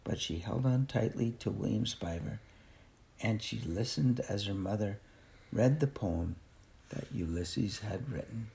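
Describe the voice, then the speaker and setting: A man narrating a children's novel aloud in an expressive, unhurried way. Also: on the low side, vocal fry. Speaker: audiobook narrator. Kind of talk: storybook narration.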